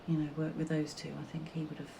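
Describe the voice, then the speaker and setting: Low gravelly-voiced woman reminiscing fondly. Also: completely flat delivery, background noise. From Britain. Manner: fond, reflective, halting with restarts. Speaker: interviewee, the artist's mother. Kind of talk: casual reminiscing conversation.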